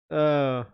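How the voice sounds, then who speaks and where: Guy streaming late at night, talks slow, keeps cracking up laughing. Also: high-pitched. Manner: giggly, laughs through his words. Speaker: live streamer. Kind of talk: casual livestream chat.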